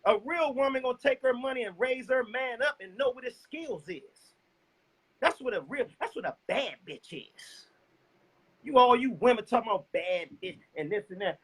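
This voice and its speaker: Man, fiery street sermon, profane, very high voice, preachy. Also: fairly bright tone, slightly rough, poor audio. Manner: directs the scripture reader.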